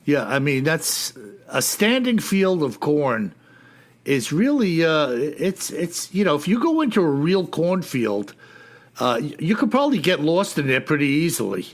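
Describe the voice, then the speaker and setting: A man's voice: on the high side, sing-song, unhurried. A man co-hosting a podcast in casual chat, laid-back and full of "man" and "you know". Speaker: podcast co-host.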